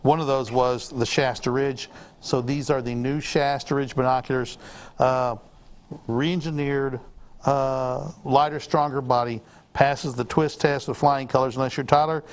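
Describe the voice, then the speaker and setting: A man's voice: medium pitch, fairly even intonation, moderate pace. Man, show host, casual product chat, rambling, self-correcting.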